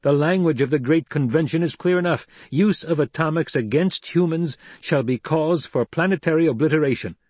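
A man reading an audiobook, voicing a young male desert war leader in a firm, measured, authoritative way. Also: fairly high pitch, a little mellow, husky, dry recording, pitched above the performer's own voice. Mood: commanding.

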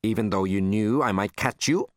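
A man's voice: fairly low pitch, normal speed, no room sound, clean studio sound, lightly acted. A man voicing a stern older woman librarian, fierce but secretly kind, with a clipped, commanding manner.

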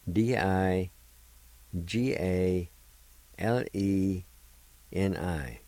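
A male radio host giving a slow, deliberate vocabulary lesson, spelling each word letter by letter and repeating it several times. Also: sits low, a little mellow, dry recording, low-quality recording.

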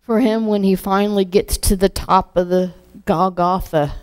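A woman giving an emotional spoken testimony, halting and repeating her words, sometimes dropping to a hush. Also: mid-range voice, fairly even intonation, a little hiss or hum.

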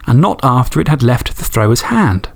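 A man's voice: medium pitch, sing-song, moderate pace, gravelly. A man hosting a podcast, reading fan stories and chatting enthusiastically, swearing casually. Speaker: podcast host.

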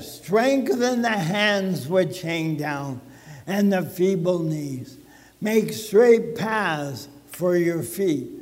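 A male pastor delivers a sermon with a high, light voice, taking his time over every phrase. His words ring out with a long reverb through the church hall. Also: a little mellow. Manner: slow, deliberate preaching with dramatic pauses. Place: church sanctuary.

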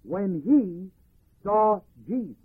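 A man teaching a Bible class, reading verses and explaining them deliberately, phrase by phrase. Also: sits high, animated, breathy edge. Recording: tinny archival phone-band recording.

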